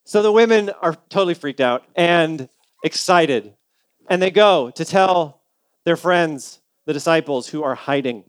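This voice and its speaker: High-voiced man preaching with easy humor. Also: animated, unhurried, no room sound. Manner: conversational, humorous storytelling. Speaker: pastor. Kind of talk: sermon.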